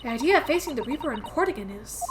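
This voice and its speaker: A woman's voice: high voice, lively intonation, racing, noisy background. Woman reading as a nervous young lawyer. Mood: earnest.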